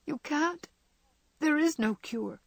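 A woman voicing a frail, gentle young girl in a storybook reading, speaking softly through tears. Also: high-pitched, lively intonation, slow pace, gravelly, no echo, pitched above the performer's own voice, exaggerated voice. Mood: tearful. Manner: soft, tearful pleading.

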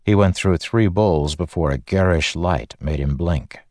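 A man giving measured, scripted narration of a fantasy audiobook. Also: sits low, darkish tone, no room sound, clean studio sound.

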